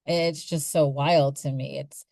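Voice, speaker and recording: A woman's voice: low-pitched, a little slow, vocal fry, no room sound. A woman speaking as a panelist in a community discussion, talking with passion and feeling, often acting out what others said to her. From Chumash community, California. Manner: passionate, emotional, animated quoting.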